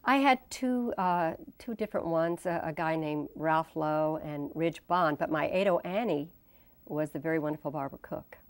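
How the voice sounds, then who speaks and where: A low-pitched woman in her sixties speaks as a guest in an interview. The sound is close and dry, with no room behind her. She tells her stories with animation, slipping into the voices of the people she quotes. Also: moderate pace, dry recording. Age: 60s. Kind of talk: casual storytelling interview.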